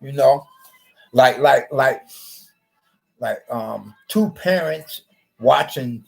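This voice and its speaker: A man's voice: mid-range voice, slow, creaky, pauses often, soft background music, low-quality recording. A man rambling through a solo social media broadcast, often repeating himself and restarting his sentences.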